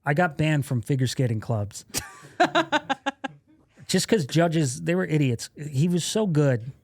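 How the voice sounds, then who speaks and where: A man in his thirties, a podcast guest, telling stories in a casual, profane way, laughing often and acting out loud quotes. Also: fairly high pitch, a little slow, no room sound. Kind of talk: casual storytelling.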